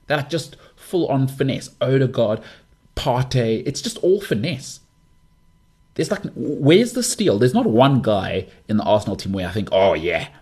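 A man's voice: mid-range voice, breathy edge. A man in his thirties hosting a sports podcast, giving blunt opinions in an emphatic, casual monologue. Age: 30s. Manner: opinionated, emphatic, lively delivery.

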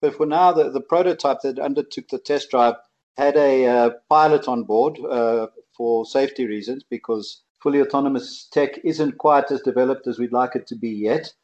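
A man's voice: mid-range voice, moderate pace, darkish tone. Chatty man on a dull line. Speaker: co-host. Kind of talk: casual radio chat.

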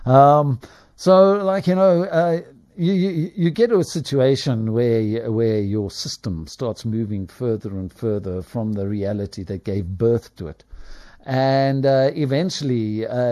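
A man hosting a business radio show, rambling and digressive, with many fillers and animated asides. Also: medium pitch, normal speed.

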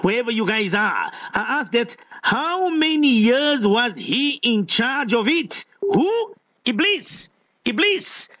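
Man, radio host, very high pitch, playful, coaxing. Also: very animated, sharp tone. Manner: playful, coaxing, drawn-out emphasis. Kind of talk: live radio call-in chat. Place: radio studio.

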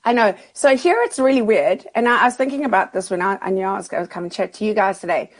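A woman chatting as a radio guest, lively and laughing easily, using casual slang. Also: medium pitch, fast. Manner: chatty, laughs often, drops Australian slang.

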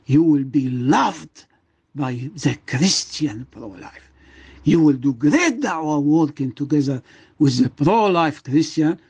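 A man's voice: fairly high pitch, a little mellow, husky, highs cut off. An older man, a guest doctor, speaking with emotion and emphasis in a radio interview, often repeating his words. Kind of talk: impassioned radio interview talk.

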